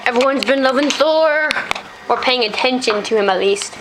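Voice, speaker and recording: High-voiced chatty woman vlogging at home. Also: moderate pace. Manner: rambling, chatty, playful with pets. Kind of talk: casual home vlog. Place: at home indoors. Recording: noisy home camcorder audio.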